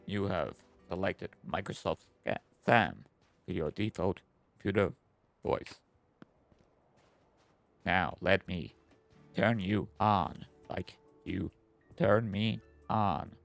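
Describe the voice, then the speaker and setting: A man imitating an old computer text-to-speech voice, in a slow, flat, robotic manner. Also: low-pitched, gravelly, soft background music, pitched below the performer's own voice, full character voice.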